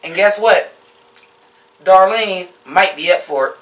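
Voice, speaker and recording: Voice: medium pitch, takes it slowly, echoey room, recorded from a distance. A host giving a casual episode recap and review, blunt, profane and openly opinionated, mocking the scenes they dislike. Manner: animated, mocking.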